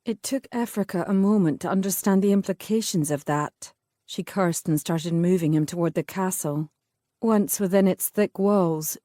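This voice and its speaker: Narrating a historical romance audiobook from a script, a woman keeps her storytelling calm and even. Her voice is lowish, and the studio-quality audio has no echo.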